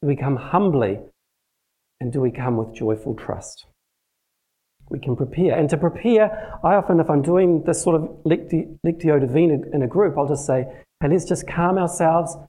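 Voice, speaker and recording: A man's voice: a little high, lively intonation, normal speed, dark tone, poor audio. A man teaching a church group in a plain, conversational sermon, using practical everyday examples. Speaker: church teacher leading a prayer session.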